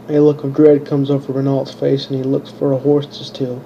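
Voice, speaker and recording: A man reads his own story in a flat, unvarying voice with a dark, mellow tone. He stumbles and restarts words as he goes. The recording is dull and lo-fi with a faint hiss behind it. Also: medium pitch, moderate pace, few pauses. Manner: monotone reading with stumbles and restarts. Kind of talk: unpolished audiobook narration.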